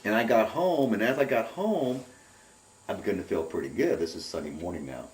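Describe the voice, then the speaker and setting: A middle-aged man giving a rambling, animated personal account in an interview, often repeating his words. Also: lowish voice, a little fast. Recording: roomy and distant from the mic.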